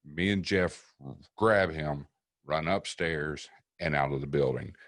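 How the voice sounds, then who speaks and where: Sitting close to a dry mic with no room sound, a paranormal investigator guest from East Tennessee tells a podcast story slowly. His voice is extremely deep, and his relaxed, profane delivery includes vivid impressions of what other people said.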